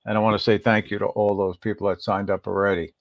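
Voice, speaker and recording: A man's voice: lowish voice, little pitch movement, fast talker, no room sound, highs cut off. A man hosting a casual livestream and greeting viewers by name. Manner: reads out viewer names and greets them one by one. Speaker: livestream host.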